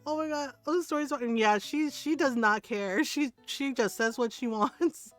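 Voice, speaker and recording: Chatty woman streamer, higher voice. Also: moderate pace, no room sound, faint music behind. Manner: chatty storyteller, laughs often, answers chat. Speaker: livestreamer. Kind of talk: casual chat with viewers.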